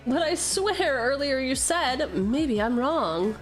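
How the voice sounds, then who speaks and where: A woman streamer with a high, animated voice takes her time as she opens card packs over soft background music. She reads the card text aloud, cracks jokes at her own expense and swears freely, hopping playfully between gags and reading.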